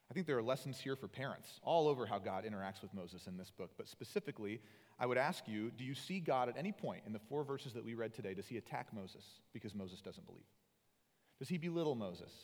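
A man preaching a sermon, animated and conversational, acting out the voices he quotes. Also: medium pitch. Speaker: pastor. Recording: long hall reverb.

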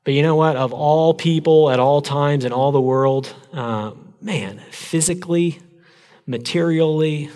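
A man's voice: on the high side, unhurried, a little mellow. Man preaching in an echoey hall. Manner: conversational, with frequent fillers and restarts. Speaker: pastor. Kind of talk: sermon.

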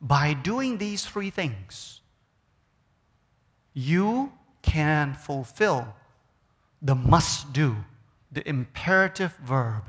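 Animated preacher man in a reverberant church. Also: on the high side, extremely slow, long pauses, breathy edge. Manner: animated, swings from loud emphasis to near-whispers. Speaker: guest preacher. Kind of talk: sermon. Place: church sanctuary. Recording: long reverb of a church hall.

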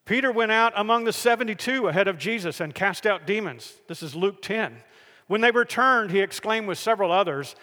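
A man preaching a sermon, telling the stories in a lively way and acting out the people in them. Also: high-pitched, a little fast, in a large hall. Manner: animated storytelling, acts out the figures in the stories.

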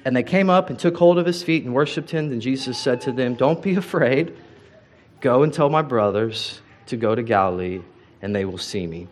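A man's voice: medium pitch, expressive, moderate pace. A man, a pastor, preaching a sermon in a conversational way, often turning to ask his congregation questions.

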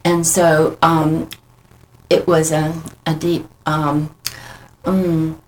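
A middle-aged woman, a guest, telling her personal faith story in an earnest, halting, heartfelt way. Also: sits low, flat delivery, darkish tone, slight background noise, rough recording.

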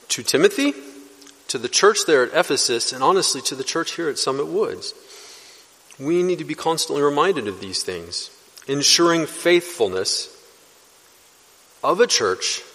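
A man's voice: on the high side, lively intonation, measured pace, long pauses, a bit bright. A man preaching an expository sermon as pastor, teaching earnestly and lifting his voice to stress key words. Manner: earnest teaching, rising for emphasis. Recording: long reverb of a church hall.

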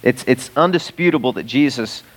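A pastor preaching a sermon in a conversational, emphatic way, sometimes laughing mid-sentence. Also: male voice, medium pitch, fairly quick.

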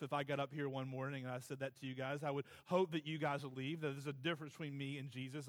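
A man preaching a conversational Sunday sermon as pastor, halting with many fillers, tired and near tears. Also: mid-range voice, big-room sound. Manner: halting, filler-heavy, emotional. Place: church sanctuary.

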